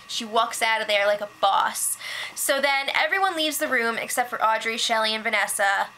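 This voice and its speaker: A woman's voice: a little high, sharp tone, slight background noise, rough recording. A young woman hosting a casual recap vlog, chatty and gossipy, quoting others as she goes. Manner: chatty gossiping, quick quoted voices, fillers like "like". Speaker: show update host.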